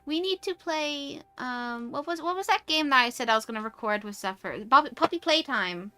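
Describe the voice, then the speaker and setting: Bright-voiced British woman, lively rant. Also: sits high, normal speed, clean tone, faint music behind. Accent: British English. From United Kingdom. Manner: animated, ranting, swears freely. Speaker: VTuber streamer. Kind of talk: casual chat.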